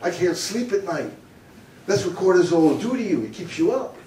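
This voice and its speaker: An older man from the United States gives an animated storytelling talk on humor, laughing at his own jokes and sometimes slipping into a booming announcer voice. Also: moderate pace, slight background noise. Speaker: motivational humor speaker. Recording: echoey hall, mic at a distance.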